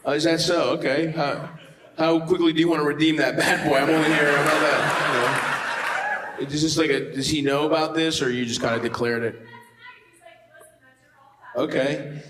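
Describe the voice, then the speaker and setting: A male stand-up comedian doing crowd work, loud and profane, teasing the audience and laughing. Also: a little high, fairly even intonation, normal speed, long pauses, heavy background noise. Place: comedy club stage with audience. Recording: echoey live club recording with loud ambience.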